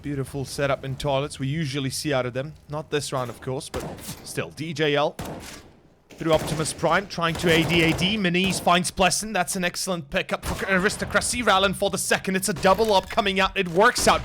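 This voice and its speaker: A young Slovenian man with a Slovenian accent, casting a match solo in English as a non-native speaker, building up loudly during action and chatting with viewers between plays. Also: steady tone, brisk, a little hiss or hum. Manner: rises sharply in pitch and volume during action, chats with viewers between plays. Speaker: esports caster. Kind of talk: solo play-by-play commentary.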